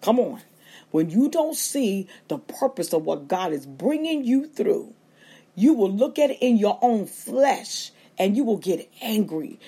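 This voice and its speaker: A woman preaching a sermon on a livestream with fervent call-and-response delivery and quick acted-out asides, speaking. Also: fairly high pitch, warm tone, slightly rough. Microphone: livestream feed.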